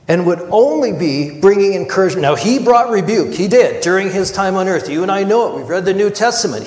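A man preaching a sermon as pastor, earnest and conversational, acting out scenes with animated retellings. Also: high voice. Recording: echoey hall with long reverb.

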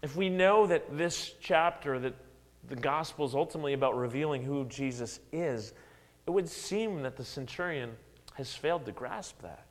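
A man preaching a sermon, his delivery swinging widely in pitch and loudness as he acts out quotes. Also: moderate pace, big-room sound. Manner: animated preaching with dramatic swings in pitch and volume, acted-out quotes. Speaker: pastor.

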